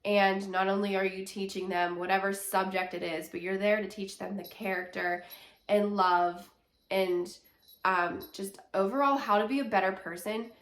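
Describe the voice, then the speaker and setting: A woman talking from her couch at home, slightly nasal and congested, with a mid-pitched voice. She chats in an encouraging, filler-heavy way. The room gives her voice a noticeable echo. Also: steady tone, moderate pace. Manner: chatty and encouraging, with many fillers. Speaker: teacher and health coach. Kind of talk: casual talking-head advice vlog.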